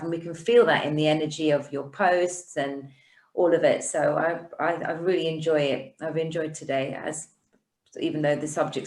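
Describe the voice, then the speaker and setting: A woman's voice: low-pitched, a little mellow. A woman hosting a casual online conversation, talking in a rambling, heartfelt way with many restarts. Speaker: host. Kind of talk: casual chat. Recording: roomy echo.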